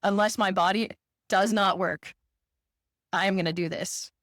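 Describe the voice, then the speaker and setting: A woman in a casual conversation, reflective and animated as she tells a story. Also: mid-range voice, normal speed, no echo, studio quality. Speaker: podcast co-host.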